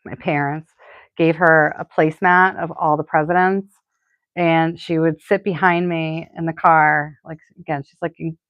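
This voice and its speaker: A middle-aged woman with a Boston accent, a florist, rambles casually and fills her talk with fillers as she hosts a live crafting stream. Her voice sits low, and the dry recording has its highs cut off.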